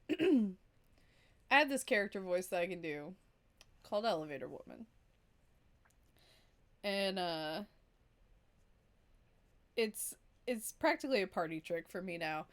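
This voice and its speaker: Giggly woman streamer chatting casually. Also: a little high. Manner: chatty, laughs often, giggly asides. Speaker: streamer playing a story game. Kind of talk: casual live-stream commentary.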